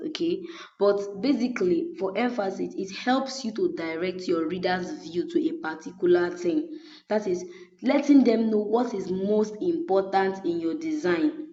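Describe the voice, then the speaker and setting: Mellow-voiced woman teaching design. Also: on the low side. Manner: patient, repeatedly checks in with "okay?". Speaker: graphic design tutor. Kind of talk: screen-recorded design tutorial. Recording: dull lo-fi recording.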